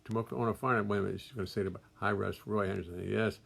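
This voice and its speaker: Rapid-fire yet steady in tone, his lowish voice carries vocal fry and a slight roughness. The older man hosts a casual livestream from his music studio, chattily reading viewers' names and greeting them warmly with wry, self-deprecating jokes.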